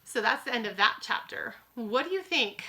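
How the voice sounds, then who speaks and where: A woman teacher reading a children's book aloud to her class in an expressive, friendly storytelling way. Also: fairly high pitch, moderate pace.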